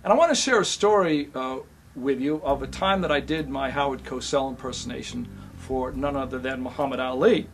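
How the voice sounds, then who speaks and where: An older man, an actor and acting teacher, tells animated stories in a monologue and turns quiet and reflective at times. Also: mid-range voice, fairly quick, slight background noise. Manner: animated storyteller who acts out scenes, turning quiet and reflective. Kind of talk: storytelling monologue for an actor's slate.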